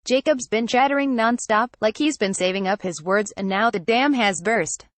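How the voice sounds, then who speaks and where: A woman narrating a memoir excerpt in an even, measured reading voice that changes little for the quoted lines. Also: on the high side, no room sound. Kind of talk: steady read-aloud narration.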